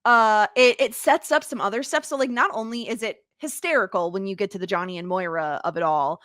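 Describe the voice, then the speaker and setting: A woman hosting a casual podcast chat, giggly and animated as she tells the story. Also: mid-range voice, a little fast, dry recording, clean studio sound. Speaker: podcast host.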